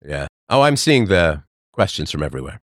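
A middle-aged man hosting a livestream, talking to his chat in a sarcastic, animated monologue. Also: a little fast, no room sound, clean studio sound. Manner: animated, sarcastic, mimics others in higher voices. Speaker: livestream host. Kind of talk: casual monologue to live chat.

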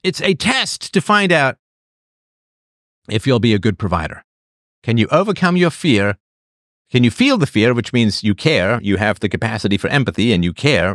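A man's voice: fairly low pitch, big pitch swings, moderate pace, no room sound, clean studio sound. A man hosting a show, talking casually in a rambling monologue and answering the chat. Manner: rambling, with acted voices and asides.

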